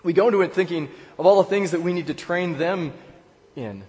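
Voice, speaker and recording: A male pastor tells a personal story in his sermon, pausing often and circling back over his words. His voice sits a little high for a man, and it rings out with a long reverb as if he is speaking in a large church hall. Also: darkish tone. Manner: storytelling with pauses and repeated words.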